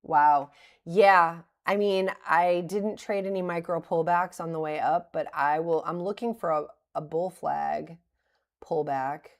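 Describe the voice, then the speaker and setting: Her voice sits low and a little mellow, at a measured pace. A middle-aged woman streaming her day trades live, she reasons aloud, scolds herself openly about mistakes and breaks into laughs.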